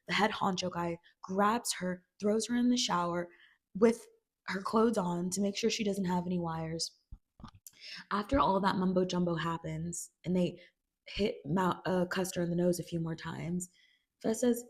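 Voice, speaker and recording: A woman talking through a TV series recap in a loose, chatty way, peppered with "like" and quick acted-out quotes. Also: mid-range voice, steady tone. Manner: chatty, filler "like", acts out characters' quotes. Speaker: video creator recapping a TV series. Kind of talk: casual recap chat.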